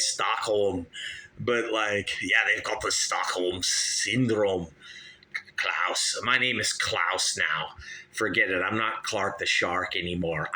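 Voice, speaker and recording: Man, 50s, show host, rambling music review, low-pitched, forceful bright tone. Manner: rambling, chatty, keeps saying "you guys". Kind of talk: casual music review monologue.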